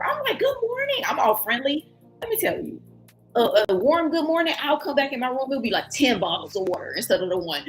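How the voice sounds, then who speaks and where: A woman telling a travel story in a casual vlog, acting out other people's voices. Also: mid-range voice. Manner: animated, acts out other people's voices in quotes. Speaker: travel vlogger.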